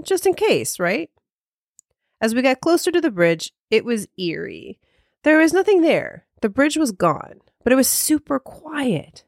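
Animated woman telling a ghost story. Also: no echo, studio quality. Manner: animated, pitch jumps when telling a story. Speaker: podcast co-host. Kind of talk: casual chat and told ghost story.

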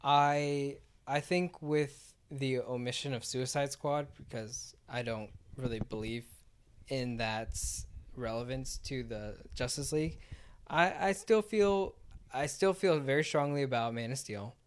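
A man's voice: mid-range voice, measured pace, smooth. A man chatting casually about films, rambling and filling his talk with "like". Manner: rambling, heavy use of "like". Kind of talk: casual chat.

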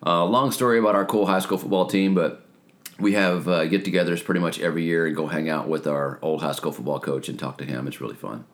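A man in his late forties co-hosting a podcast. He chats in an easygoing way, and his voice is scratchy from shouting. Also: steady tone, fast. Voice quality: deep, scratchy. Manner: easygoing, laughs often. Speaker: podcast co-host. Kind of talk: casual podcast chat.

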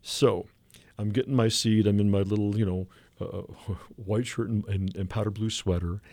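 A man telling a lively anecdote as a radio guest, acting out the people he quotes. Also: lowish voice, normal speed, no room sound. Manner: animated anecdote teller who acts out the people he quotes. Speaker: guest artist and illustrator. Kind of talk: radio interview storytelling. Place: radio studio.

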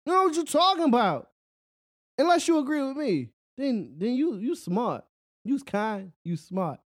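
A man with a very high voice hosts his own show and rants in a loose, rambling way. He keeps asking if you follow him and often laughs at his own jokes. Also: unhurried. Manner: rambling, animated, repeats "you know what I'm saying". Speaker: podcast host. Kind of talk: solo casual rant.

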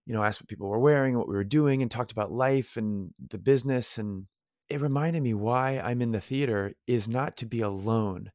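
A man's voice: medium pitch, brisk, a little mellow, no echo. Effusive man rambling through stories, dry. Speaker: guest actor. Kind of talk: casual interview chat.

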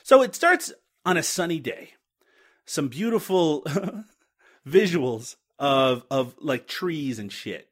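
A man's voice: on the high side, lively intonation, slow pace, a bit bright. A man hosting a movie podcast, chatting casually with sarcastic jokes and frequent laughter. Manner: sarcastic, joking, laughs often. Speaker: podcast host. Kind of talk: casual chat.

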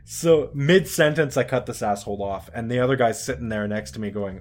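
Young adult man, podcast co-host, animated storyteller who swears freely. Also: medium pitch, brisk. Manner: animated, swearing, acts out quotes. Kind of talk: casual storytelling chat.

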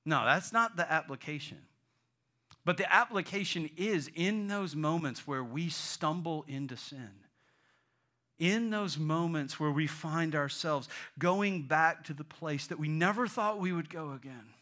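A man preaching a sermon in an animated way, acting out voices and dropping to a whisper for effect. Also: on the high side, moderate pace. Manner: animated, acts out voices, swings from loud to whispered. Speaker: pastor.

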